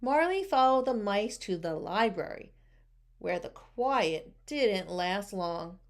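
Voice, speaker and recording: A woman reading a picture book aloud, expressive and talking to the listeners with questions. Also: mid-range voice, takes it slowly. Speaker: storybook reader.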